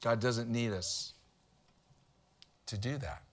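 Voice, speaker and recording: A man's voice: medium pitch, slow, a bit bright. A man, preaching a sermon in a conversational style with humorous anecdotes. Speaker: pastor.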